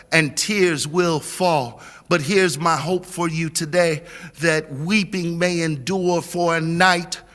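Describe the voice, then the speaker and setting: A middle-aged man giving a sermon as guest preacher, with a preaching cadence, repeated words and a build to shouting. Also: fairly high pitch. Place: church sanctuary. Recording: long church reverb.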